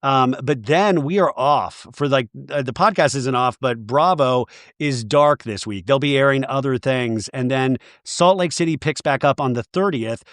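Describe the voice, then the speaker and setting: A man chatting casually as a guest on a podcast, animated and rambling, laughing often as he talks. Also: mid-range voice, moderate pace, hardly any pauses, no echo, studio quality.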